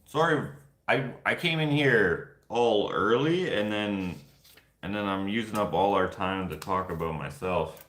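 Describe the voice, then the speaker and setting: Man, vlogger, very low voice, echoey room, rambling, jokey. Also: measured pace, a bit bright. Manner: rambling, jokey, laughs easily. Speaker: vlogger answering viewer questions. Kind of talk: casual chat.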